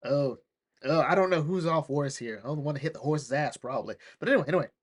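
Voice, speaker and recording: Male comics reviewer, casual and rambling, animated delivery, slightly raised pitch. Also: quick pace. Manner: rambling, animated, sprinkles "like" and "all right?". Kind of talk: excited casual retelling of a comic.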